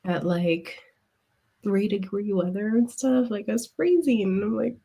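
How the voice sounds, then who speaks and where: A woman's voice: mid-range voice, a little slow, vocal fry, dark tone, breathy edge. Rambling woman laughing through casual chat. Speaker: podcast co-host.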